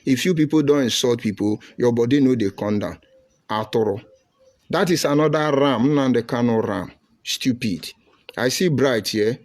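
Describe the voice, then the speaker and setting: A man's voice: medium pitch, normal speed, darkish tone. A middle-aged man with a Nigerian accent giving combative live-stream commentary, reading and answering viewer comments with rhetorical questions and insults.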